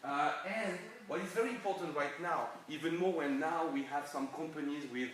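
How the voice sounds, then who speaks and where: A man from France with a French accent and French as his first language, giving a live talk in halting English full of restarts and fillers. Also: fairly high pitch, a bit bright. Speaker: guest speaker. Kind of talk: live presentation. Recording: echoey room, far mic, noise.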